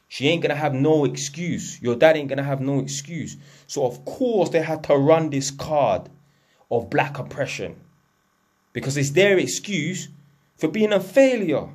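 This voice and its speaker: A man's voice: a little high, expressive, moderate pace, darkish tone. A man, delivering a blunt, profane, lecturing rant to camera as a vlogger. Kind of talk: unscripted ranting monologue.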